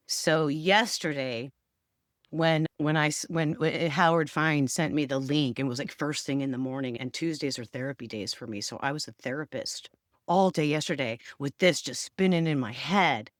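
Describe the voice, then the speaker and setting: A woman's voice: low voice, moderate pace, no room sound. Middle-aged woman vlogger, radio and therapist background; heartfelt, candid delivery, dry sound. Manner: emotional, candid, tearful at times. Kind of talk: personal vlog monologue.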